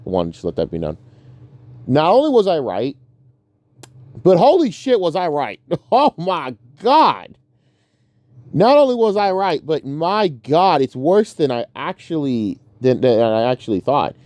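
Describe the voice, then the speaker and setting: A profane man ranting, voice leaping high. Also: big pitch swings, unhurried, a little mellow, no echo. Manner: exasperated, profane, swings from low mutters to high outbursts. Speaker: sports commentator. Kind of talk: casual sports rant.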